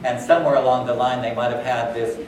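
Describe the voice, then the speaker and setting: A man's voice: medium pitch, flat delivery, fast, a little mellow, a little hiss or hum. Man speaking in an echoey conference hall. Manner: conversational, many fillers, acts out quoted dialogue. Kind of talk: conference talk. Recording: echoey hall, far from the mic.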